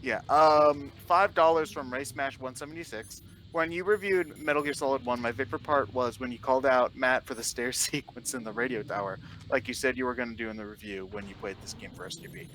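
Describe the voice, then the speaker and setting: A man's voice: medium pitch, fairly quick, fairly bright tone, a little hiss or hum. A young man co-commentating a charity game stream, reading donations and laughing often. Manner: laughs often while talking.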